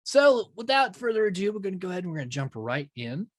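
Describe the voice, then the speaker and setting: A man's voice: sits high, sing-song, fast talker, dry recording, clean studio sound. A man co-hosting a podcast, chatting casually about a horror film, laughing often and restarting his sentences. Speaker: podcast co-host. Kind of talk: casual movie review chat.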